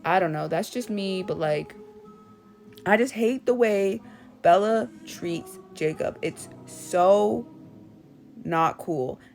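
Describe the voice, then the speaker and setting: A woman hosting a casual opinion vlog, talking in an animated, sassy way and mocking characters in put-on voices. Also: mid-range voice, takes it slowly, gravelly, soft background music. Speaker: channel host.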